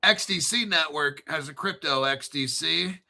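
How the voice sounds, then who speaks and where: A man hosting a casual online talk show, talking in a profane, animated way. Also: a little high, measured pace, gravelly. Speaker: crypto channel host. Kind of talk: casual livestream chat.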